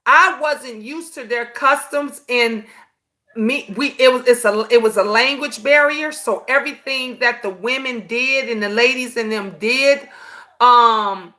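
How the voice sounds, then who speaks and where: A woman in her fifties holds forth on her live chat stream, animated and sassy, dropping "honey" into nearly every thought. Her voice is bright and pushing, pitched a little high. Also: unhurried. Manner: animated storytelling, sassy, says "honey" often. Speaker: host.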